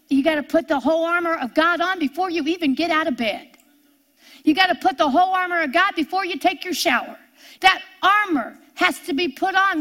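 A woman's voice: high voice, a bit bright. A woman preaching a sermon, emphatic and repeating her points for force.

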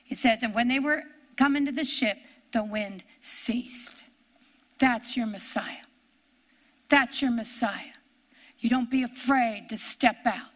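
A woman teaching the Bible in a sermon, dramatic and emphatic, asking rhetorical questions and dropping to hushed tones. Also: on the high side. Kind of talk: sermon, reading and expounding scripture.

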